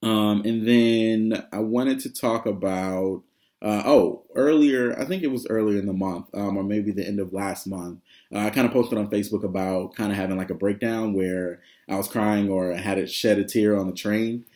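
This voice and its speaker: Guy rambling through a vlog update, laughs a lot, voice sits a bit low. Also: fairly even intonation, moderate pace, a little mellow. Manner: chatty, rambling, many fillers, laughs often. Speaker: vlogger.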